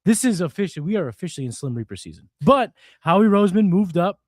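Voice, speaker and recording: Male co-host, slightly high, energetic banter, dry close sound. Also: fast talker, dry recording. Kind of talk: live draft coverage chat.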